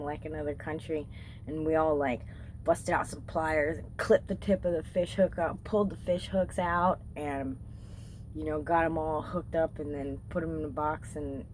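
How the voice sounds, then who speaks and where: Low-voiced woman telling a rambling story. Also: a little mellow, a little hiss or hum, low-quality recording. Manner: rambling, swears freely. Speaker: vlogger. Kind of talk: casual storytelling.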